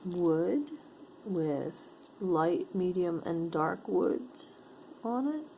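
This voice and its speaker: A woman talks slowly and casually to a camera while she goes through a box of beads and bracelets. Her voice sits a little low, and she muses aloud with small bursts of delight. A faint background noise hangs under her voice. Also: animated, vocal fry, dark tone. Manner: chatty, musing aloud, easily delighted. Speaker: vlogger sorting jewelry for sale. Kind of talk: casual show-and-tell chat.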